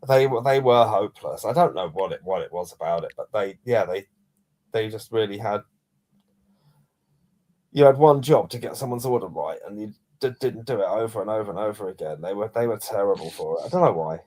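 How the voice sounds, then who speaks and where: A man's voice: fairly low pitch, fairly quick, a little mellow. Rambling English man telling anecdotes. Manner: rambling storyteller, many restarts. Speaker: podcast co-host. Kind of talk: casual chat.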